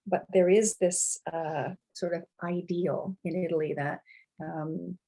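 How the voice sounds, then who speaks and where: In a recorded lecture with poor audio, a woman university lecturer speaks in a deep, dark voice. She addresses students conversationally, thinking aloud with many fillers and restarts and checking in often with "right?" and "okay?".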